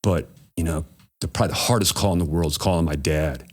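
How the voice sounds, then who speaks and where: A man's voice: sits low, quick pace. A middle-aged man telling a story as a podcast guest, laid-back and profane, calling people "bro.". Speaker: podcast guest, cannabis grower. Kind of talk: casual storytelling.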